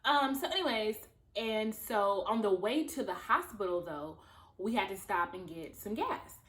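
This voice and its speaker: A woman's voice: medium pitch, expressive, unhurried, fairly bright tone. Chatty young woman in a roomy space. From Los Angeles, USA. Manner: chatty, talks to viewers as friends, acts out quoted voices. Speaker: vlogger. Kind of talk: casual storytime chat. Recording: roomy echo.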